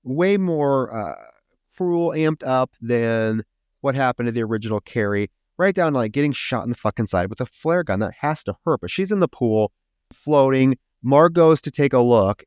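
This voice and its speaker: A man's voice: mid-range voice, no echo, clean studio sound. A man co-hosting a podcast, retelling a film's climax in casual, profane chat. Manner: animated, profane retelling of plot. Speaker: podcast co-host. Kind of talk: casual film recap.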